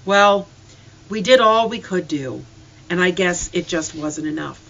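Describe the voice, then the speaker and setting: A reader voicing a steady, gentle farm father who speaks calmly and comfortingly, in a dull lo-fi recording. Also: mid-range voice, a little slow, creaky, heavily acted. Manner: calm and comforting.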